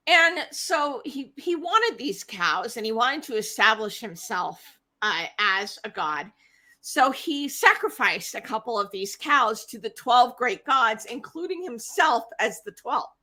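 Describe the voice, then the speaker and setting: A woman co-hosting a podcast, retelling myths in a casual, animated way and acting out the characters. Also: a little high. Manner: animated retelling with acted-out voices. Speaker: podcast co-host. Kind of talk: casual storytelling.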